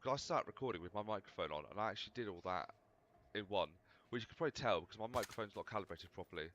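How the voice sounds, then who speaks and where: A man's voice: lowish voice, animated, very fast, fairly bright tone, lo-fi sound, a little hiss or hum. A man casually commentating over his gameplay in a rambling, chatty, self-mocking way. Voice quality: slightly overdriven mic. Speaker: gaming video host.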